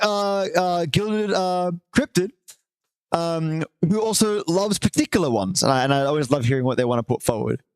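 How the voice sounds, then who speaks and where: A man hosting a live stream, chatting casually and warmly with viewers and reading aloud, with the odd swear. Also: on the high side, dry recording. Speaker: livestream host.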